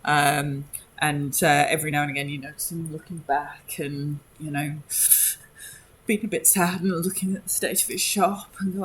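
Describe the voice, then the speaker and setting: A woman running a tabletop game as game master, narrating scenes in a hesitant, descriptive way with many pauses. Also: low voice, fairly even intonation, slight background noise.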